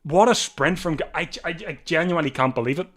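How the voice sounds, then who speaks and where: A man hosting a live watch-along, calling a bike race in a breathless, excitable way and repeating himself as the finish nears. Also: fairly high pitch. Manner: breathless, rising to shouts at the finish; talks fast over the race, repeating himself. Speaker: livestream watch-along host. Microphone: desk mic.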